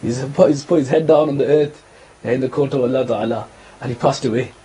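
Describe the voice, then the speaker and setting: A man co-hosting a religious talk show, explaining a teaching in a measured way and checking in with his listeners. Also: mid-range voice, dark tone, a little hiss or hum, rough recording.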